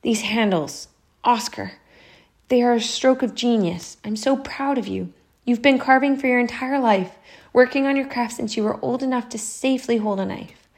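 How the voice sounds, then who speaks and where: A woman reading a storybook aloud, voicing a kind, earnest shopkeeper father who speaks gently. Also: on the high side, normal speed, gravelly, pitched above the performer's own voice. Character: kind, proud middle-aged shopkeeper father. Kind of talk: storybook narration.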